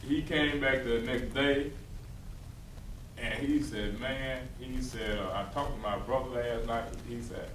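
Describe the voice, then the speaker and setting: Halting Southern pastor, echoey and off-mic. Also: male voice, mid-range voice, steady tone, a bit bright, recorded from a distance, slight background noise. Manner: halting storytelling with many fillers. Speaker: youth pastor. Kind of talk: telling a story in a group.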